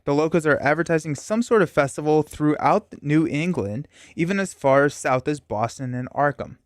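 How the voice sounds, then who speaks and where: A man playing a board game solo and reading its story text aloud, often stumbling and correcting himself between casual asides. His voice sits a little high, and the recording is close and dry with no room sound. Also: expressive, normal speed, dry recording. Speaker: board game channel host.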